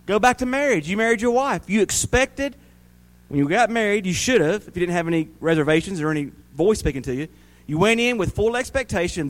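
A man's voice: sits high, lively intonation, fast talker. A man preaching a sermon to a congregation, folksy and joking, rising into emphatic preaching. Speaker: pastor.

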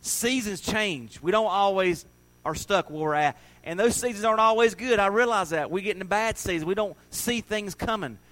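A male pastor preaches a sermon in a high, bright-edged voice. His delivery is conversational and emphatic. He often speaks straight to the congregation and works jokes into the message. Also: moderate pace, rough recording.

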